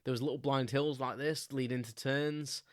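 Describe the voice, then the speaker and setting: A man's voice: mid-range voice, fairly even intonation, normal speed, no room sound, clean studio sound. A man, hosting a podcast and telling a story in a loose, rambling way, with many ums and frequent chuckles. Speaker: podcast host. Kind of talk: casual storytelling monologue.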